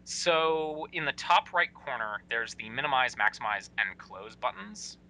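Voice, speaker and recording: A young man co-hosting a podcast in casual chat, animated and full of fillers. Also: a little slow, a little hiss or hum, poor audio. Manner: animated, lively, with many fillers and sudden pitch jumps. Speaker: podcast co-host.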